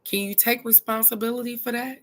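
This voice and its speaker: A woman's voice: on the high side, a little fast. A middle-aged woman, giving a casual, blunt spiritual card reading and cussing freely. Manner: blunt and animated, cusses freely.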